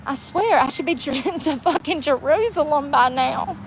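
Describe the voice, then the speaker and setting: Woman vlogger, blunt and foul-mouthed, mouthy rant on a phone camera, fairly high voice, street noise behind. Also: moderate pace. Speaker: homeless vlogger. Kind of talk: ranting vlog. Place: outdoors and in a car. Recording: outdoor street and traffic noise.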